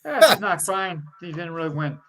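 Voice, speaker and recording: A man's voice: high-pitched, big pitch swings, normal speed, fairly bright tone. A man co-hosting a casual chat, joking in laid-back banter over a video call. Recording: dull lo-fi call with faint noise.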